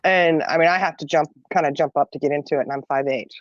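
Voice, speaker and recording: A woman's voice: low-pitched, quick pace, dry recording. Middle aged lady rambling thru a story w lots of laughs, dry muffled sound. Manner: chatty, laughs often, rambling. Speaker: podcast co-host. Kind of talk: casual storytelling chat.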